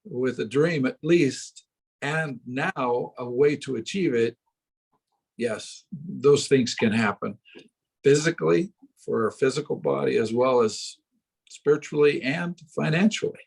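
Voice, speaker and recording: A man joining an interview panel, speaking in a measured, reflective way. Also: medium pitch, vocal fry, darkish tone, slightly rough, poor audio. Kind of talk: panel discussion.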